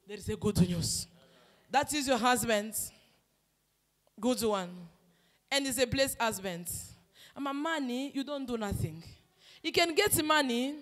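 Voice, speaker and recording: A woman, a prophetess delivering personal prophecy in an impassioned, emphatic way that swings between loud declarations and soft asides. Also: high voice. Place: church hall. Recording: long reverb in a hall.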